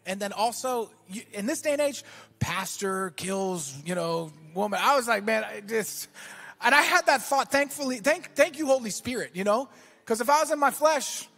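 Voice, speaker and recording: A man preaching a sermon as pastor, telling a story and then building to shouted exhortation in a church. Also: very high voice, expressive, moderate pace.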